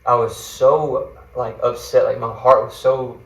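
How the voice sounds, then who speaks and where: A man's voice: medium pitch, flat delivery, measured pace, gravelly, roomy sound, distant mic, poor audio. A man, a guest mentor, tells a personal faith story in an earnest, rambling way, full of fillers and restarts. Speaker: guest mentor sharing a testimony.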